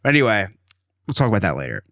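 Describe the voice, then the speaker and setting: A man's voice: lowish voice, sing-song, rapid-fire, creaky, a bit bright, no echo, studio quality. A man in his thirties hosting a podcast, telling an exasperated story in casual chat and acting out quotes. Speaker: podcast host.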